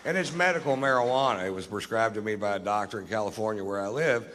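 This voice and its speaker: A man doing stand-up, telling a story in a laid-back, profane, deadpan way with slow, dry pauses on a theater stage. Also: lowish voice, big-room sound, crowd noise, noisy background. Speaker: stand-up comedian.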